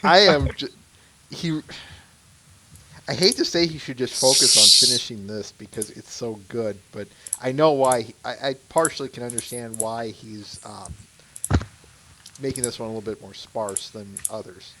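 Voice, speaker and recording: A man's voice: mid-range voice, moderate pace, heavy background noise. A man hosting a casual podcast, recapping things in a rambling way with many restarts. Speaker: podcast host.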